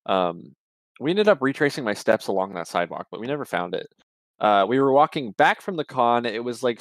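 A man's voice: lowish voice, dry recording. A young man telling a long story in casual podcast chat, rambling and swearing, with many fillers and restarts. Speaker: podcast co-host.

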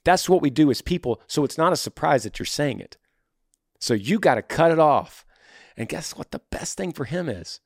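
A man's voice: a little high, animated, normal speed, gravelly, dry recording, clean studio sound. A man hosting a show, reading listener emails and giving casual Christian advice. He acts out little scenes in quoted voices as he talks. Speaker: host answering listener emails. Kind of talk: casual faith advice talk.

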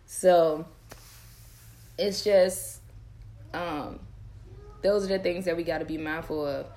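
A woman's voice: mid-range voice, animated, measured pace. A young woman hosting a podcast, chatting casually and animatedly to her viewers, laughing often. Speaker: podcast host.

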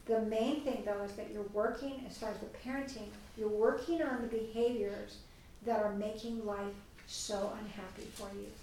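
A woman leading a parenting class for a small group, chatty and lively in how she tells stories. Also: mid-range voice, normal speed, a little hiss or hum. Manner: chatty, acts out quoted voices. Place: meeting room with a small group. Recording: echoey room, mic far off.

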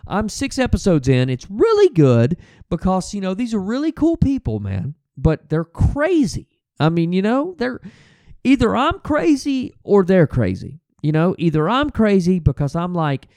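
A man talks casually as a podcast host, rambling from one thought to the next with lots of swearing and false starts. His voice is mellow and relaxed, and it sits dry and close with no room sound around it. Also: sits high, normal speed, dry recording. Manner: rambling, profane, restarts and fillers. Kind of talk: casual monologue.

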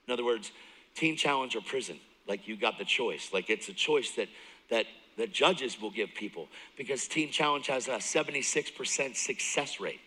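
Male guest preacher with a bright, forceful voice, animated testimony with loud bursts and hushed asides. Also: mid-range voice, normal speed, husky, big-room sound, rough recording. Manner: animated storytelling, jumps between loud and hushed; laughs often, talks straight to the crowd. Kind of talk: sermon, personal testimony. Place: church service.

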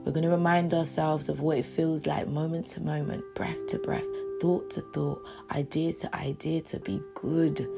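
A woman's voice: lowish voice, gravelly. A woman giving an uplifting talk and reading her own poem, repeating phrases and dropping to a whisper at times. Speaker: motivational speaker. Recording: soft guitar music behind.

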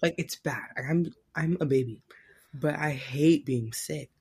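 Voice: mid-range voice, unhurried, a little mellow, husky. A podcast co-host in casual chat, emphatic and complaining, swearing casually.

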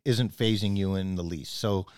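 A man with a lowish voice tells a long story in casual chat. He rambles and restarts his sentences, and he voices the other people in the exchange as he goes. The sound is dry and close, with no room around it. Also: normal speed, darkish tone, clean tone, dry recording.

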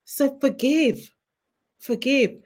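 A woman's voice: high voice, slow pace, a little mellow. Fervent woman preaching her testimony. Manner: fervent, preacher-like, emphatic repetition. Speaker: guest author. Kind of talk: faith testimony in an interview.

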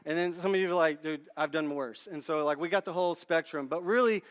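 A male pastor in his thirties preaching in a church with a slightly high voice. He tells a candid, self-deprecating story, talking animatedly and restarting often. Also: fast talker, a bit bright, smooth. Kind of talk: storytelling sermon. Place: church sanctuary.

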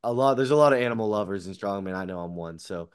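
A man's voice: on the low side, fast, smooth, no room sound, studio quality. A man co-hosting a casual podcast, rambling with fillers and restarts. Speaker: podcast co-host. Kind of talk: casual chat.

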